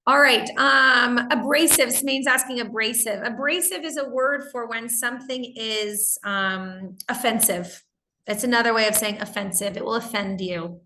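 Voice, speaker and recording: A woman with a bright, fairly high voice teaches a live webinar over a computer microphone. She talks in a chatty, explaining way, working through examples and answering chat questions. The room sounds roomy, with audible echo. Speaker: webinar instructor.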